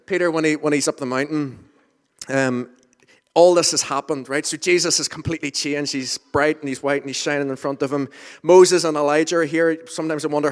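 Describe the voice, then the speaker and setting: Conversational preacher in a reverberant hall. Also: male voice, mid-range voice. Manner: conversational, self-deprecating, with restarts and asides. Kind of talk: informal sermon.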